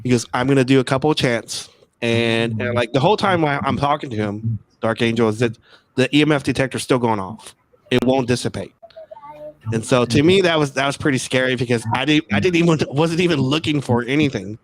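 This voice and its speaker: A man's voice: medium pitch, brisk. This is a man with a mid-range voice, casually telling a story over a remote call. He rambles, repeats words and restarts his sentences. He grew up in Texas. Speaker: guest.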